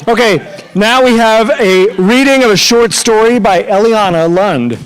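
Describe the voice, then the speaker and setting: A man's voice: high voice, animated, unhurried, low-quality recording. A man emceeing a talent show, announcing acts in an upbeat, joking way.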